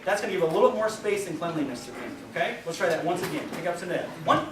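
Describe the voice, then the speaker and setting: A man directing a high school band rehearsal, scatting rhythms on nonsense syllables and counting the players in. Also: very animated, racing, hardly any pauses, fairly bright tone, far from the mic, slight background noise. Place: large band rehearsal room. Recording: echoey rehearsal room from afar with band music. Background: band playing.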